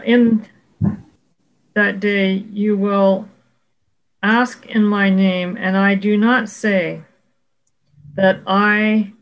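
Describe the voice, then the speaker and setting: A woman explaining Bible passages in a relaxed discussion, slowing down to quote verses. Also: mid-range voice, dull audio. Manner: explanatory, quotes scripture slowly, some restarts. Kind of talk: casual scholarly discussion.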